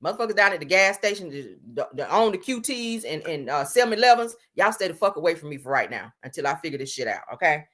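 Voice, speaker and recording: Woman from the US, lower pitch, swooping delivery, blunt and profane stream rant. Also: sing-song, quick pace, hardly any pauses, a bit bright. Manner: blunt, profane and sassy, rants with emphatic repetition. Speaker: live-stream commentator. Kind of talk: casual live-stream commentary.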